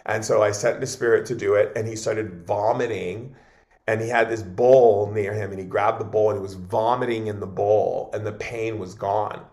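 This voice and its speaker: A man's voice: on the low side, fairly even intonation, moderate pace, darkish tone, reverberant. A man speaking as a shaman guest in an interview, telling stories casually and often repeating or restarting his words.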